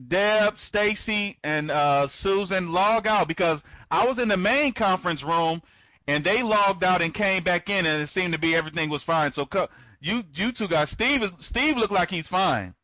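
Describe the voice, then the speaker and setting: A man's voice: fairly high pitch, pushed and bright, no echo, highs cut off. A man hosting an online members' conference, rambling and repeating himself, stammering through restarts and greeting attendees by name. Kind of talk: live webinar talk.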